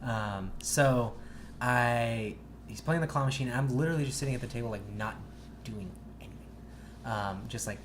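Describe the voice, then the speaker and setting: A man's voice: medium pitch, normal speed, background noise. Young man telling a profane, rambling story. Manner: rambling, profane, animated retelling. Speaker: podcast co-host. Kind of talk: casual storytelling chat.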